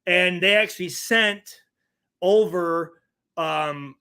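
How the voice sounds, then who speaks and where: Bright-voiced man chatting haltingly. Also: high voice, clean tone. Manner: halting, repeats words and restarts often. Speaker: show host. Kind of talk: casual chat.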